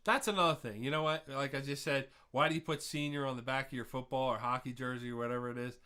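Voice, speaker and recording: A man's voice: medium pitch, steady tone, fast, sharp tone, clear, resonant tone. A man hosting a live online trivia quiz, chatty and laughing at his own jokes, drifting into rambling rants between answers.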